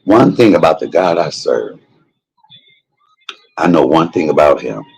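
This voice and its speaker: A man's voice: a bass voice, very animated, unhurried, vocal fry, a little mellow, slight background noise, poor audio. An older man hosting a live food stream who drifts into emphatic, folksy preaching. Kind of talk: mukbang stream talk turning into preaching.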